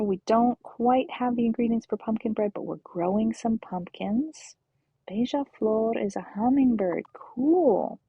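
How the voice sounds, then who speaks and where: A woman streaming a relaxed game, talking slowly and softly, often half-whispering as she goes. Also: mid-range voice, no echo. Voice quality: gravelly, husky. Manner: slow, soft-spoken, often half-whispered. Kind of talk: relaxed gameplay commentary.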